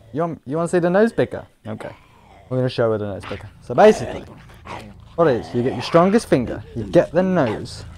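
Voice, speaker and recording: A British man playing a VR game and commentating, excitable and joking, shouting and laughing at enemies. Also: mid-range voice. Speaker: gaming YouTuber.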